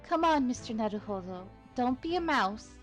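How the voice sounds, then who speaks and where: A woman voicing a polite, earnest young female assistant in a measured voice. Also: a little high, animated, faint music behind, voice pushed up, natural voice.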